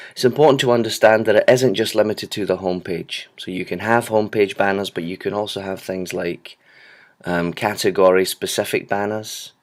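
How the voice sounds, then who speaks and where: A man giving a relaxed, conversational walkthrough of a software storefront, with frequent ums. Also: on the low side. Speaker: software product presenter. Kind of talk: screen-recorded product walkthrough.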